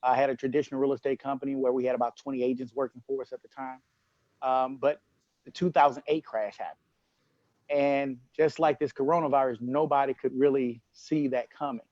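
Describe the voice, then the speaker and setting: Brief: man, mid pitch, unhurried co-host on a video call, dry and slightly muffled line. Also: no room sound. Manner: relaxed, measured, hesitant with fillers. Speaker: co-host and group leader. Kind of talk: personal background talk on a call. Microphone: computer mic on a video call.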